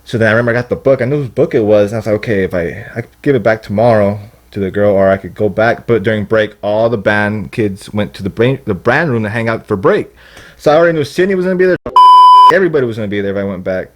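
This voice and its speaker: A man's voice: lowish voice, fast. A young man telling a long story in casual podcast chat, rambling and profane, acting out what people said. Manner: rambling, profane, acts out quotes. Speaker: podcast guest.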